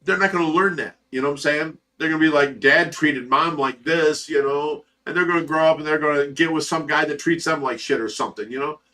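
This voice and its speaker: A middle-aged man hosts a casual livestream, reading viewers' messages aloud and answering with blunt, profane, earnest advice about being a father. His voice sits fairly high and sounds bright and forceful. He is heard from a bit away from the microphone. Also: a little fast, few pauses, far from the mic. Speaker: livestream host reading chat.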